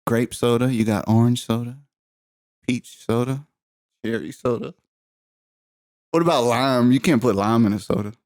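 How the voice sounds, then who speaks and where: A man's voice: medium pitch, normal speed, pauses often, a little mellow, dry recording, clean studio sound. A man co-hosting a casual podcast in a playful, joking way. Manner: playful, calls his partner bro. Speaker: podcast co-host. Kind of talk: casual chat.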